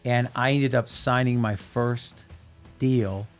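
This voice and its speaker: A man in casual conversation, recounting his start in music with lively energy. He slips into the voices of the people in his stories and laughs easily, his pitch sitting in a middle register. Faint music plays underneath. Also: slow pace. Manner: animated, acts out voices in his anecdotes. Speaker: musician telling his story. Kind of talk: casual storytelling chat.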